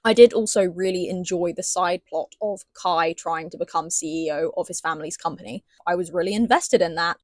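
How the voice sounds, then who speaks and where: A woman's voice: lowish voice, no room sound. A young British woman from Great Britain chatting casually in a book review vlog, bubbly and playfully dramatic. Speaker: book vlogger.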